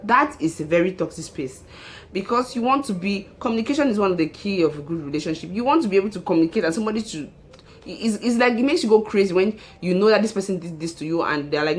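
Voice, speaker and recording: A woman's voice: mid-range voice, lively intonation, quick pace. A woman hosting her own show, giving relationship advice in an emphatic monologue and repeating her key phrases.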